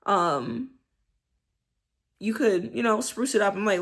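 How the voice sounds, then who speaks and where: A young woman talks straight to camera in a loose, slangy vlog style. She is candid and animated, sometimes sinking into soft, breathy whispers. Her pitch sits in the middle for a woman. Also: moderate pace, long pauses. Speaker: vlogger. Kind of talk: casual vlog monologue.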